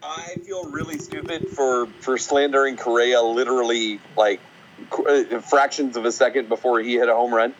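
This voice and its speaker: A man's voice: medium pitch, fairly even intonation, moderate pace, muffled recording. A man co-hosting a casual podcast, ranting in a sarcastic, opinionated way. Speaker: podcast co-host.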